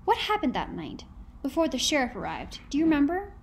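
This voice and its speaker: A woman reading aloud gives voice to a folksy courtroom lawyer, a man who questions a witness gently and patiently, leading him along with coaxing words. The voice sits fairly high, with faint background noise. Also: huge pitch swings, a little fast, exaggerated voice. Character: folksy small-town male trial lawyer. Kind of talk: audiobook dialogue.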